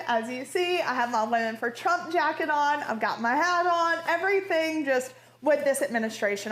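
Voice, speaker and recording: A woman speaks in an emotional personal address, excited and gushing, at times breathless. Her voice sits fairly high for a woman. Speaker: daughter speaking out.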